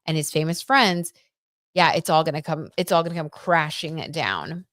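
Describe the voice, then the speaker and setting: A woman reading tarot cards on a live stream in a chatty, excitable way, full of "like"s and little gasps. Her voice sits a touch low. The sound is close and dry, with no room around it. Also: normal speed, no room sound. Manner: chatty and excitable, reads viewer comments aloud, gasps and many "like"s.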